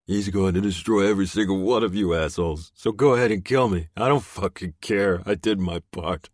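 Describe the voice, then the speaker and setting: A man doing a sneering captive thug, higher voice. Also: fairly quick, dry recording, clean studio sound. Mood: taunting. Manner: taunting, spitting insults.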